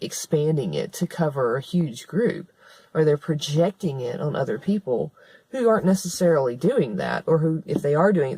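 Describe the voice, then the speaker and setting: A woman's voice: sits low, mellow, dry recording. A woman talking straight to camera in a vlog monologue, earnest and conversational, who restarts her sentences and repeats her points for emphasis. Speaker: author and vlogger. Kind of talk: spoken-word vlog monologue.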